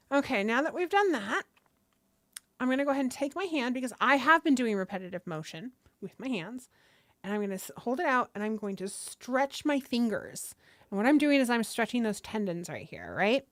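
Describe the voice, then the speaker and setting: A woman's voice: fairly high pitch, sing-song, normal speed, no room sound. Chatty woman on a dry close mic. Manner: chatty, swears casually, greets viewers from chat. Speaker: livestream host. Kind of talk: casual livestream chat leading stretches. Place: seated at a table at home. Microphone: desk microphone close by.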